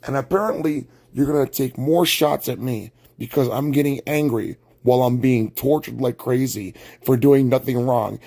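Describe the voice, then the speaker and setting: A man's voice: mid-range voice, moderate pace, gravelly, hardly any pauses, dark tone. A man ranting angrily on a late-night livestream, agitated and repetitive, with labored, shallow breathing.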